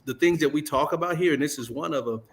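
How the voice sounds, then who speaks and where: A man's voice: on the high side, fast talker. Earnest middle-aged man on a panel. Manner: earnest, repeats himself to hold the floor. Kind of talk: casual panel chat.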